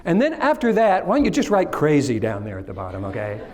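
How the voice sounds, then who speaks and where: High-voiced joking Texas-born keynote speaker. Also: male voice, huge pitch swings, quick pace. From Kilgore, Texas. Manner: engages the audience, jokes and asks questions. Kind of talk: interactive keynote talk. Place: conference stage.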